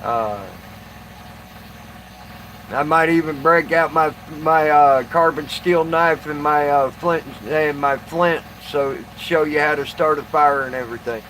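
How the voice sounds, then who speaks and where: A man talks slowly to his live stream viewers, his slightly high voice stumbling through fillers and restarts. A faint idling engine hums in the background. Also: fairly bright tone, slight background noise, low-quality recording. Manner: halting, many fillers and restarts. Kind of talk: casual live stream chat.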